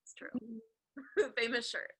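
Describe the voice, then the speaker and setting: A woman's voice: on the high side, takes it slowly, breathy edge. A young woman guest chatting playfully on a remote call. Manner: playful, lively, laughing often. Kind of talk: casual chat.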